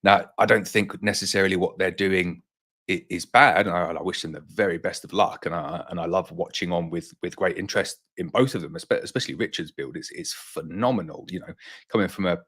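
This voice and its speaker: This middle-aged British beekeeper, whose voice is very deep, bright and a little rough, runs a casual live Q&A stream. Speaking a touch quickly and off the cuff, he repeats words as he thinks aloud and sounds slightly breathless.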